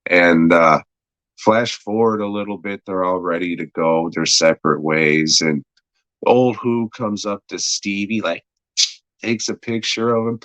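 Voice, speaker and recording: A man's voice: deep voice, fairly bright tone, no echo, low-quality recording. A man hosting a podcast, recapping an episode's plot in a rambling, crude way, swearing a lot and filling gaps with uh. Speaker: podcast host reviewing an episode.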